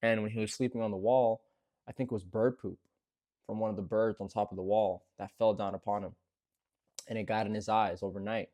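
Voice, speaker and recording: Earnest low-voiced man retelling scripture. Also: dark tone. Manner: conversational, repetitive, earnest, addresses listener directly. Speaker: bible storyteller. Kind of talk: retelling a scripture story as encouragement.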